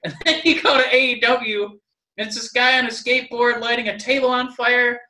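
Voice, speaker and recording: A man's voice: very high-pitched, fairly even intonation, a little fast, pushed and bright, reverberant. A man rambling animatedly in a casual podcast chat, slipping into mock-crying impressions. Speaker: podcast co-host.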